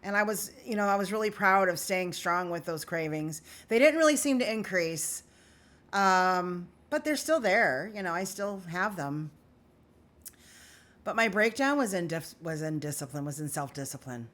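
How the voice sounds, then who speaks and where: A woman's voice: fairly low pitch, animated, normal speed, a bit bright. A woman vlogging candidly to her viewers in an earnest, confessional way on an emotional day. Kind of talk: candid personal vlog.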